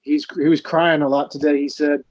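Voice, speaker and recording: High-voiced man, laughing podcast chat. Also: level tone, fairly quick, darkish tone, no room sound, dull audio. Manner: laughs often, crude humor, restarts a lot. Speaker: podcast co-host. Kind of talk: casual podcast banter.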